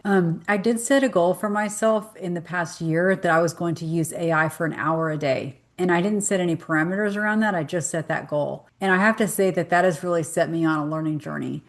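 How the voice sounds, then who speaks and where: Lively, low-voiced woman presenting to business owners. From Southeastern United States. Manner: animated storyteller who acts out quoted conversations. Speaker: real estate business owner giving a presentation. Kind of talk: casual presentation talk.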